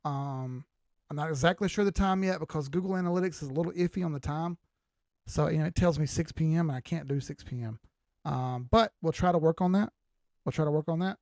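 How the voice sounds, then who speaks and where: A man's voice: a little high, fairly quick, a little mellow, dry recording, studio quality. An older man hosting a crypto livestream, talking loosely and with profanity while reading out viewer comments. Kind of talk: casual livestream chat.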